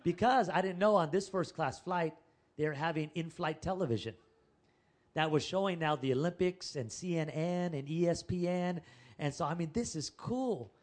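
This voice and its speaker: High-voiced man preaching a story sermon. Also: moderate pace. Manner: animated, chatty, laughing asides, calls to the congregation. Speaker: pastor.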